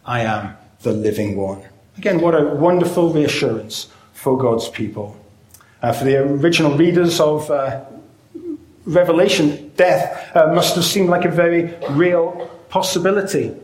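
Echoey male preacher, slightly high voice. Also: darkish tone. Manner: measured, with frequent "uh" fillers and slowed emphatic phrases. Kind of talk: sermon.

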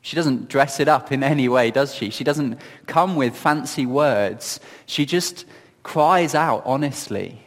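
A man's voice: medium pitch, measured pace. Earnest man teaching from scripture, reverberant. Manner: gentle, earnest storytelling with questions to listeners. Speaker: preacher. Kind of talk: reflective Bible teaching.

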